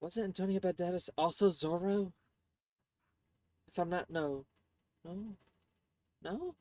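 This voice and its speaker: A woman's voice: fairly low pitch, slow pace, warm tone, no room sound. A woman streaming a game and commenting casually, often rambling and searching for words.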